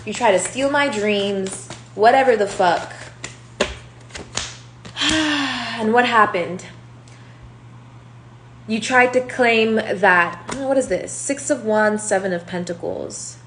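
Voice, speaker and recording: A woman's voice: medium pitch, slow, pauses often, a bit bright. A young woman giving a casual tarot reading, talking in a rambling, profane and confrontational way. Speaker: tarot reader. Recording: echoey room with faint hum.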